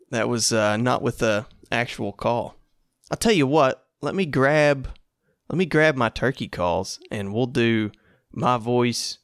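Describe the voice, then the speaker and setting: A man's voice: mid-range voice, a bit bright, clear, resonant tone, dry recording, clean studio sound. A man hosting a casual solo podcast in a laid-back, rambling, self-amused way. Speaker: podcast host.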